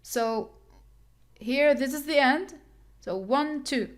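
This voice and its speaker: A woman's voice: high voice, takes it slowly. A woman teaching English word stress, repeating words and counting syllables aloud. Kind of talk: classroom lesson on word stress.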